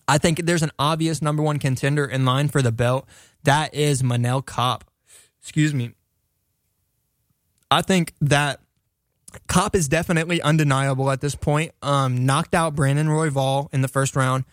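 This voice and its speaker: A man's voice: medium pitch, dry recording, studio quality. A young man giving a casual, enthusiastic fight recap as a commentator, rambling with many fillers and restarts. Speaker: combat sports commentator.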